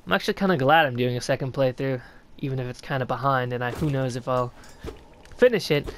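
A man's voice: medium pitch, quick pace, fairly bright tone, slight background noise. A young man giving casual gaming commentary, offhand and self-mocking, swearing freely as he plays. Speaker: let's player.

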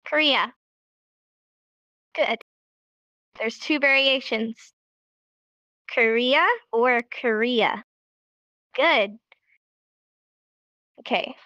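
A woman's voice: fairly high pitch, pushed and bright, no room sound. A woman teaching a live online sign language class in an upbeat, encouraging way, recorded as dull lo-fi stream audio.

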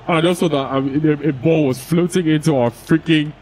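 A young man on YouTube plays a football video game, giving casual, profanity-heavy commentary and frustrated rants at the game. His voice sits on the high side, a little mellow, at normal speed. It's a rough recording.

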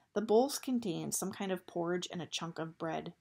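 Woman reading a novel aloud, husky. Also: fairly low pitch, normal speed. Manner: steady storytelling narration. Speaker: audiobook reader.

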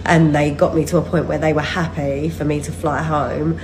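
Woman, thirties, lowish voice, chatty, rambling, laughs mid-sentence, worn out, phone video. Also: flat delivery, moderate pace, noisy background. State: worn out from recent illness. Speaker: vlogger updating followers. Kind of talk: casual chat to camera.

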